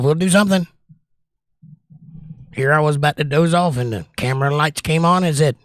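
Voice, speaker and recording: Dry-voiced joking livestream host. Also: male voice, on the high side, brisk, pauses often, dry recording. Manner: joking, upbeat greetings to viewers. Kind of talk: casual livestream chat, reading viewer comments.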